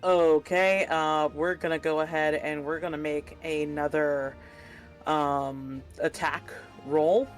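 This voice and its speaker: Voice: mid-range voice, level tone, slow pace, soft background music. A player at a tabletop game who talks hesitantly with many ums and uhs, adding up dice rolls aloud. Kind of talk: casual game talk.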